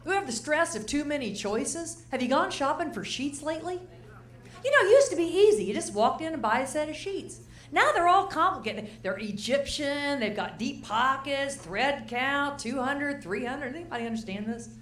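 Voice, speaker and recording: An older woman does stand-up on a comedy stage before a live audience, chatting, quizzing the crowd and sometimes acting out the people in her stories. Her voice is high-pitched and fairly bright, with lively intonation and a moderate pace. The recording has the roomy sound of a live venue.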